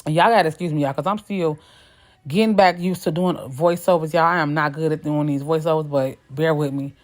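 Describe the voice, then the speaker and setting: A young woman with a low voice narrates her cooking video in a loose, chatty voice-over. She talks straight to her viewers as y'all and throws in sassy asides. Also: steady tone, a little fast.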